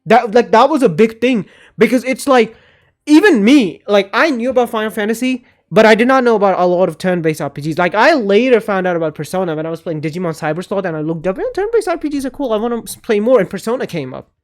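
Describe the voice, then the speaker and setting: A young man giving casual opinion commentary on games, rambling and animated, often cutting himself off mid-sentence. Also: sits high, quick pace. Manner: rambling, animated, self-interrupting. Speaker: gaming video creator.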